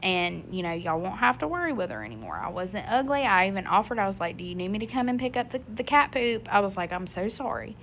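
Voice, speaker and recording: A woman in her thirties tells a story to camera in a loose, chatty way. She keeps stopping and restarting, and she acts out what each person said. Her voice sits at a middle pitch, with a faint hiss underneath. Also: big pitch swings, quick pace, few pauses, a bit bright. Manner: chatty, acts out quotes, many fillers and restarts.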